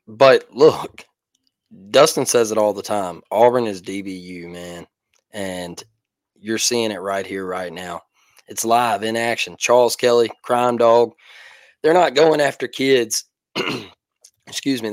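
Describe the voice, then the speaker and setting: A man co-hosting a casual sports talk podcast, hoarse with his voice mostly gone, talking excitedly and laughing often. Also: lowish voice, no room sound. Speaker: podcast co-host.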